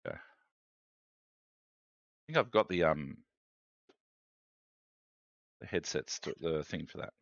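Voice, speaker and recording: A man's voice: very deep voice, very animated, takes it slowly, creaky, long pauses, no room sound, highs cut off. A man streaming live, chatty and self-mocking, thinking aloud while he fiddles with his gear.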